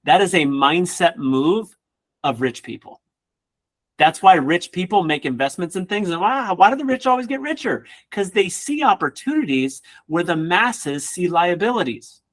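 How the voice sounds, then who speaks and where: A man who works as a real estate coach, giving an energetic motivational class with casual joking asides. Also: high voice, normal speed. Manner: energetic, acts out quoted people in voices.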